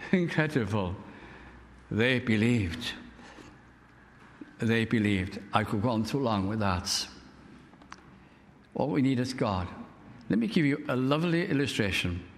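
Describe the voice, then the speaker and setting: A man's voice: mid-range voice, sing-song, unhurried, gravelly, long pauses, a little hiss or hum. Older man, from Wales, preacher, storytelling sermon, fervent emphasis, reverberant hall.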